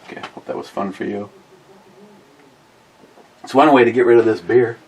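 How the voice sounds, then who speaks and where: A man's voice: lowish voice, moderate pace, noisy background. A man hosting a casual live stream, reading viewer comments aloud and answering them with crude, rambling jokes and lots of fillers. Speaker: beer review livestream host.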